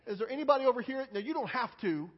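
High husky pastor in a reverberant hall. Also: male voice, expressive, racing. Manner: coaxing, asks many questions, repeats words at starts. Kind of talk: children's sermon with audience questions. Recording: long hall reverb, dull lo-fi sound.

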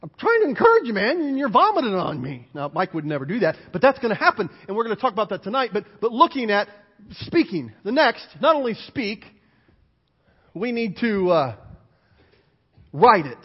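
A man preaching a sermon as pastor, animated and emphatic, driving points home with repeated lists. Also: high voice, normal speed, breathy edge. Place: church sanctuary. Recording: dull, hall-reverberant church recording.

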